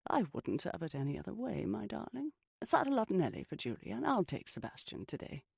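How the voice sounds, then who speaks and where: An older lady of a lonely gothic mansion, mischievous and endlessly amused, coos her words with a lively, swooping lilt, as an audiobook reader puts her on. Her voice has a gravelly, husky grain, and she calls everyone darling. The sound is close and dry. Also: medium pitch, brisk, no echo, voice pushed up, heavily acted. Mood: teasing.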